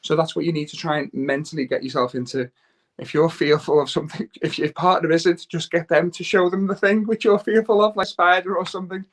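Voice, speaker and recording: An earnest man talks as a guest on a talk show. His voice sits a little higher than most men's, and he rambles and restarts as he works through his thoughts. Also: fairly even intonation, fairly quick. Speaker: guest father. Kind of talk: casual talk-show chat.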